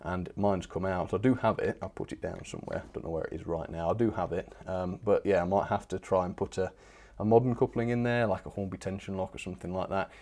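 Cheerful chatty man with a low voice. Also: steady tone, quick pace, a little mellow. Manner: cheerful and chatty, laughs often. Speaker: host of a model railway live stream. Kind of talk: casual live-stream chat.

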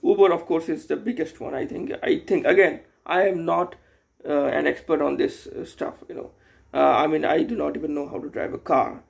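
Rambling young man, high gravelly voice. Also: fairly even intonation, moderate pace. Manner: rambling, hesitant, many fillers and restarts. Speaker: YouTuber. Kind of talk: casual unscripted vlog monologue.

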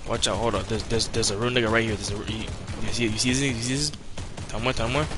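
A young man streaming a game live, scolding his teammate in an exasperated way, swinging from low mutters to sudden yells. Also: steady tone, quick pace, music in the background. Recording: noisy game stream audio.

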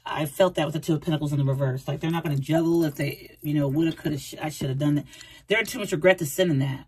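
A woman's voice: low-pitched, fast talker, darkish tone, a little hiss or hum. A woman doing a casual tarot reading, rambling and repeating herself as she talks through the cards. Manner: chatty, rambling, repeats phrases, acts out quoted thoughts. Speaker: tarot reader.

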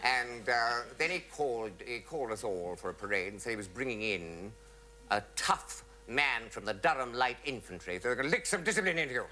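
A man's voice: fairly low pitch, expressive, brisk, bright, forceful tone, poor audio. A middle-aged man telling theatrical anecdotes in a flamboyant manner, mimicking the people in his stories. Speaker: comic raconteur.

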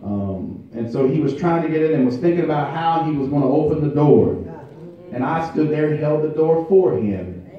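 A male pastor preaching a sermon, building from quiet to loud, emphatic delivery with drawn-out phrases. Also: on the high side, expressive. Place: church sanctuary. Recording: distant echoey church recording, muffled.

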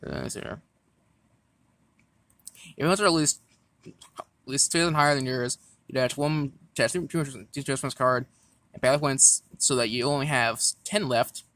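A man casually walking through his card game deck, reading effects aloud in a halting way with stumbles and restarts. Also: medium pitch, fairly bright tone, no echo.

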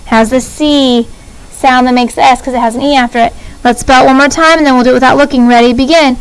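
Over video, a middle-aged woman teaches a spelling lesson, patiently drilling each word by drawing out the letters one at a time and chatting in between. Her quite high voice is steady, very fast and smooth, though the audio is poor.

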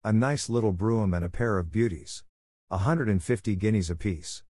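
A man voicing a sharp, dry, self-assured detective in a brisk, confident way in an audiobook. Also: lowish voice, dry recording, natural voice.

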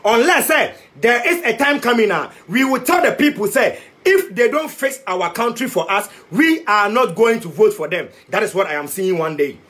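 Ghanaian guy going off on a fiery political rant, really high voice, mixes twi and english, preachy. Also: fairly bright tone. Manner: fiery and preachy, mixing Twi and English, repeating lines for emphasis. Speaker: youth activist vlogger.

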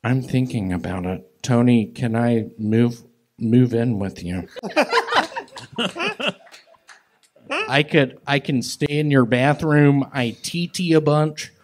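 A man doing stand-up on stage, with a slow, halting, awkward delivery full of odd pauses. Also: medium pitch, very animated. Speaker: comedian. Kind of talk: live stand-up and crowd banter. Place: comedy stage with live audience.

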